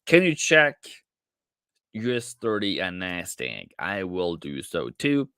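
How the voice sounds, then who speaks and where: A man's voice: deep voice, huge pitch swings, slow pace, sharp tone, clean tone, no echo, clean studio sound. A man hosting a casual live trading stream, chatting directly with viewers and calling them mate and brother. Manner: chatty, addresses viewers directly, many restarts.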